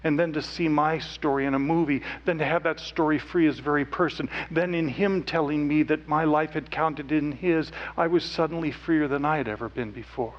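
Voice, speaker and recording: A man speaking on stage, telling a personal story earnestly, dropping to hushed tones at times. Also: a little high, fairly even intonation, moderate pace, few pauses, lo-fi sound. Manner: earnest, with quiet hushed stretches. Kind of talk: emotional storytelling talk.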